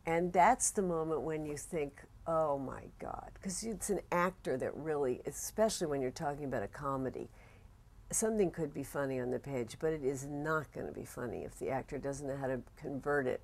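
Woman screenwriter, low-pitched, reflective conversational interview. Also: expressive, brisk. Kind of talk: documentary interview.

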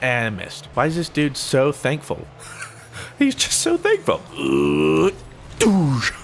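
A young man commentating his own gameplay, excitable and self-mocking, yelping and laughing at the plays. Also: a little high, slight background noise. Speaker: gaming YouTuber.

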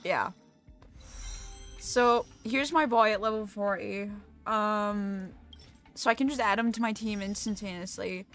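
Slow-talking woman streamer, swears freely. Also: mid-range voice, fairly bright tone, faint music behind. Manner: swears freely, chatty and self-mocking. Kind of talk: casual live-stream gaming chat.

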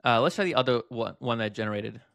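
Bright-voiced man casually reviewing software. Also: medium pitch, animated, creaky. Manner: chatty, thinking aloud with fillers and quick asides. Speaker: host reviewing text-to-speech tools.

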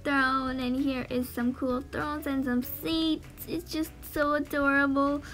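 Bright high-voiced woman gushing on a game vlog. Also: level tone, slow, soft background music. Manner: gushing and emotional, trails off and restarts. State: teary, near crying. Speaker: gaming channel host. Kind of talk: excited game reaction vlog.

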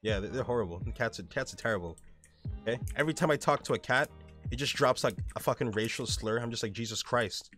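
A man streaming a game, ranting casually in a profane, rambling, excitable way. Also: medium pitch, fast talker, faint music behind. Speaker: gaming streamer. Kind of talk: casual rant while playing a game.

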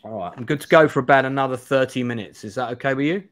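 A man's voice: medium pitch, fast talker, a bit bright. A man in his forties hosting a live play-through, reading a gamebook aloud with restarts and asides. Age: 40s.

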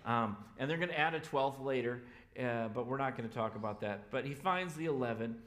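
A man's voice: mid-range voice, a little fast, fairly bright tone. A man preaching a sermon as a pastor in a church, telling the story casually and acting out the voices of the people in it. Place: church sanctuary.

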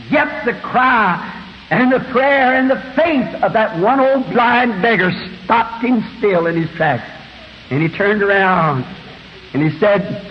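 A preacher in his fifties with a high, ringing voice, swinging between hushed storytelling and sudden shouts. The recording is dull and old, with a long reverb from the big hall and a faint hiss underneath. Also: animated, a little slow. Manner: dramatic, swings from hushed to shouting while acting out Bible scenes. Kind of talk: fiery revival sermon. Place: large church auditorium.

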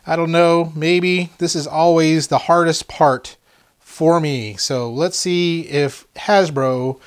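A man's voice: on the high side, fairly even intonation, slow pace, clear, resonant tone. A man giving a casual toy unboxing review, chatty and rambling, easily sidetracked.

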